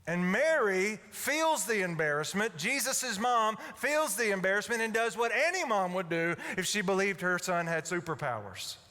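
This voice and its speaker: Folksy preacher in an echoing hall. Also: male voice, high-pitched, animated, moderate pace, few pauses. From Alabama. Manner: folksy, humorous, swings from loud to hushed. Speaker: pastor. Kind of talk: sermon. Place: church sanctuary. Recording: echoey church hall.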